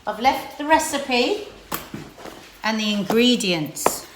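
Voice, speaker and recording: A woman chatting casually with her family, quickly explaining a recipe she has left out. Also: on the high side, expressive, slight background noise. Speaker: wife and vlog host. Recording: echoey room with chatter.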